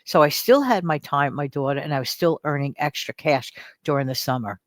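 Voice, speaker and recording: A woman's voice: low voice, expressive, fairly quick, no room sound. An older woman hosting a casual advice vlog, talking in a chatty, encouraging way and now and then acting out whiny voices. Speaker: host.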